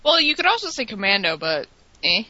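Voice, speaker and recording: A woman co-hosting an online talk show with wry, quick comebacks. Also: medium pitch, sing-song, bright, forceful tone, no room sound. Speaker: radio show co-host. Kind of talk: casual talk radio banter. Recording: dull lo-fi online call audio.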